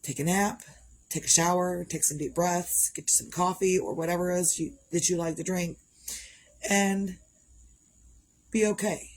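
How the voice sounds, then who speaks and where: A woman with a somewhat low-pitched voice talks through a casual motivational vlog. She sounds tired and a little winded, and her delivery is candid and rambling, circling back over the same points. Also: steady tone, normal speed, long pauses, rough recording. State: tired and a bit out of breath. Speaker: vlogger.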